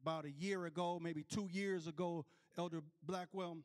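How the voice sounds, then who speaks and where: A man's voice: fairly high pitch, steady tone, normal speed. A male preacher telling a story in a sermon, often restarting phrases and calling out to the congregation. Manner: repetitive restarts, calls out to the congregation.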